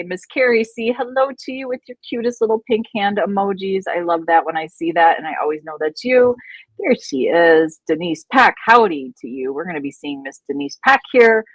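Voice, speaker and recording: A woman's voice: lowish voice, moderate pace, dry recording, low-quality recording. A woman co-hosting a live stream, bubbly and chatty, greeting viewers one by one. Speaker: co-host. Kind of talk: casual live-stream chat.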